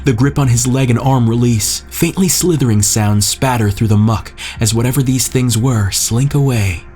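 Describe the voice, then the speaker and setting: A man narrating a scripted horror story in a measured, tense way. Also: mid-range voice, a little mellow, soft background music.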